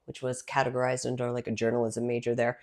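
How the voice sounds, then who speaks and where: Lively New woman telling stories. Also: extremely low pitch, fast talker. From Massachusetts, US. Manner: lively storyteller, animated. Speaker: guest, personal trainer. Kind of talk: casual interview talk.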